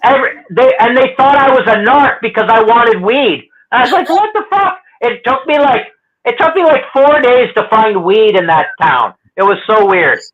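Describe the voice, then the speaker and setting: A man's voice: very high voice, lively intonation, normal speed. A man from Canada telling rambling, profane stories in casual chat and acting out other people's lines. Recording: muffled lo-fi audio.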